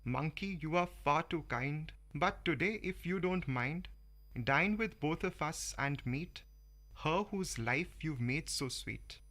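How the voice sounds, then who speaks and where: A man voicing a sly male crocodile in a fable poem, read slowly in measured verse. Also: a little high, lively intonation, a bit bright. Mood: coaxing. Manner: slow, measured verse reading.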